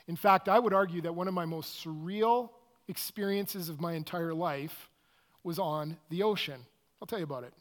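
A man with a somewhat high-pitched voice tells a personal story to listeners. He is an excitable, animated storyteller who speaks with open enthusiasm.

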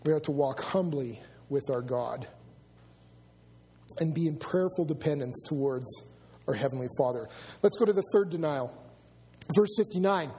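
A man with a high, husky voice preaches to his congregation, mixing scripture reading with casual asides. The sound carries a long reverb from the church hall around him. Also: normal speed, pauses often, warm tone. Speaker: pastor. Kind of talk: sermon. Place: church sanctuary.

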